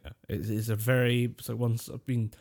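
Brit podcast co-host, mid pitch, wry rambling chatter. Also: male voice, flat delivery, a little fast, gravelly, a little mellow. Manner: rambling, wry, laughs often. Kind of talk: casual chat.

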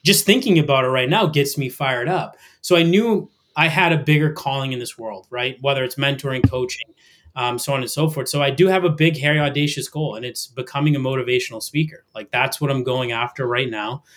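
A middle-aged man with a voice right in the middle of the male range talks fairly quickly as a guest in a casual podcast chat. His delivery is energetic and emphatic, with the rising cadence of a would-be motivational speaker.

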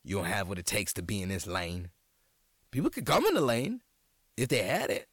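A man's voice: fairly low pitch, huge pitch swings, normal speed, fairly bright tone, breathy edge, dry recording, studio quality. A man from New Orleans with a local accent, talking casually and profanely on his podcast, rambling with lots of restarts. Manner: rambling, profane, stop-start with many restarts. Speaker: comedian and podcast host. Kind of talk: casual solo podcast talk.

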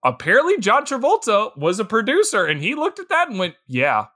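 Excitable, animated young man. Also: very high voice, fairly quick, dry recording, studio quality. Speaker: podcast co-host. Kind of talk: casual comedic chat.

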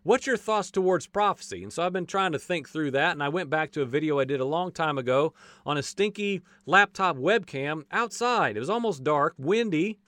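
A man preaching a casual, animated sermon, acting out voices from the stories and joking as he goes. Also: fairly high pitch, fairly quick, no room sound. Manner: folksy, says "y'all" and jokes.

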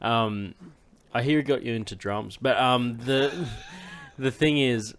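A man hosting a casual podcast at a middle pitch. His talk is loose and halting, full of fillers and swearing. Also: fairly bright tone. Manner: laid-back, heavy swearing, halting with many fillers. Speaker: podcast host.

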